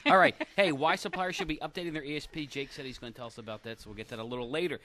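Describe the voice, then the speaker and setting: Bright playful man co-host. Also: on the high side, racing, hardly any pauses. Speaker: co-host presenting the rundown. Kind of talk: casual studio chat.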